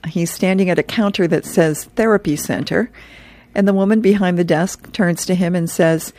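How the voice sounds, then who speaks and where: A chatty woman radio host with a somewhat low voice reads comic strips aloud and then runs through the day's history notes. She laughs lightly between jokes. The sound is close and dry, with no room around it. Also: normal speed, a little mellow, no room sound. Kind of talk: reading comics and today in history on air.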